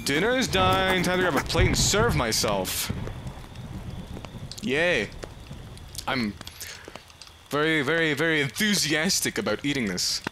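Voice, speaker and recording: A man giving casual let's play commentary, chatting to game characters and yelping and shouting when something startles him. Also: fairly high pitch, a little slow, pauses often, noisy background. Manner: excitable, yelps and shouts at scares. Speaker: gaming video creator.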